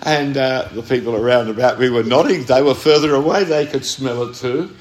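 In an echoey room, a man with an Australian accent preaches a sermon built around an anecdote. His mid-range voice moves briskly, telling the story conversationally with emphatic stresses.

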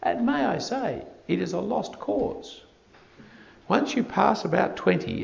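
A man preaching an expository sermon, his gravelly voice rising and falling with animated pitch. He slips in dry, wry asides between verses. The recording is dull and lo-fi. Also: a little slow, a crowd in the background.

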